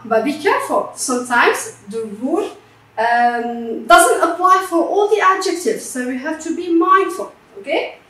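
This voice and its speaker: High-voiced woman English teacher, slow and patient, in an echoey room away from the mic. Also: a bit bright, distant mic. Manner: slow and patient, repeats words and checks with "okay?". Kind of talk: classroom grammar lesson.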